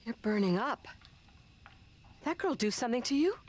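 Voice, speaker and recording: A woman's voice: a little high, big pitch swings, moderate pace. An actress playing a brash, blunt woman, agitated and confrontational. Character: brash, blunt woman lost in a haunted town.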